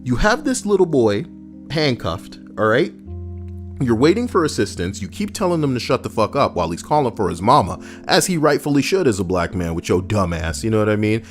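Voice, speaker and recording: A man's voice: fairly low pitch, sing-song, brisk, soft background music. A man giving an indignant, profane, mocking commentary on a video he watched.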